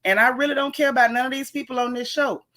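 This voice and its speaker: A woman from Florida, hosting a casual livestream and talking fast and sassily to her viewers. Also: high voice, steady tone, a bit bright. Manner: fast, sassy, talks straight to viewers. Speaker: livestream host.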